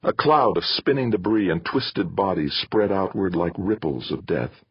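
A man narrating a novel in a dramatic, lively reading style. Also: deep voice, a little slow, husky, no echo. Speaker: audiobook narrator. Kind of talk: scripted narration of a sci-fi novel. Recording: slightly muffled.

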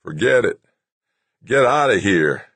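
A man voicing a gruff male astronaut trapped in a hole, speaking in clipped, panting phrases. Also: low voice, expressive, takes it slowly, no room sound, exaggerated voice. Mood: despairing.

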